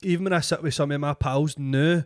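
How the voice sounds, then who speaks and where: A man's voice: on the high side, fairly even intonation, no room sound, clean studio sound. Scottish man hosting a podcast. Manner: chatty, with quick affirmations. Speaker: podcast host. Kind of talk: casual chat.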